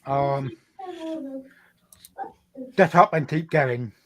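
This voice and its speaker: Slow, hesitant man playing a tabletop game. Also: mid-range voice. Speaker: player. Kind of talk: casual tabletop game play.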